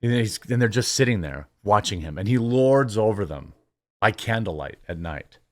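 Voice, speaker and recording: A man's voice: lowish voice, expressive, normal speed, a little mellow, no room sound. A man hosting a reaction commentary, sarcastic and rambling, with frequent restarts. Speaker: commentary host.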